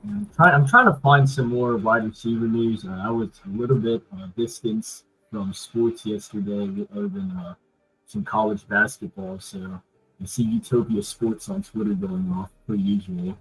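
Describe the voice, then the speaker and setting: A man's voice: on the low side, expressive, moderate pace, fairly bright tone, poor audio. A man hosting a casual sports talk show, loose and rambling with many fillers. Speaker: podcast host.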